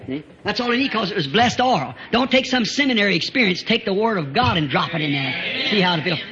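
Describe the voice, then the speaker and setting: A man preaching a revival sermon, fervent, rising to shouts and chuckling between phrases, on a lo-fi old tape recording. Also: high-pitched, big pitch swings, fairly quick, a crowd in the background.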